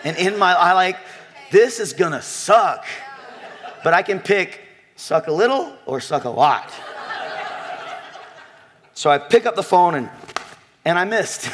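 A man preaching a sermon to a congregation, animated and joking, telling a story and talking directly to his listeners. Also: sits high, background noise. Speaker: pastor.

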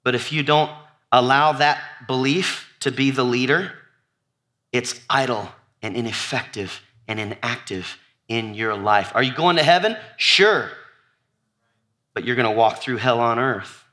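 Um homem pregando um sermão animado a uma congregação, alternando entre listas quase sussurradas e apelos em voz alta à plateia. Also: male voice, medium pitch, unhurried. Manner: animated preaching, drops to near-whisper on repeated lists, calls out to congregation. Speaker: pastor. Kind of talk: sermon. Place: church before a congregation.

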